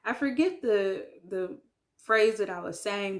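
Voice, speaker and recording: Chatty woman learning French. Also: mid-range voice. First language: English. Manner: chatty, self-deprecating, many ums and likes, slow careful French words. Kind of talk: casual talk to camera.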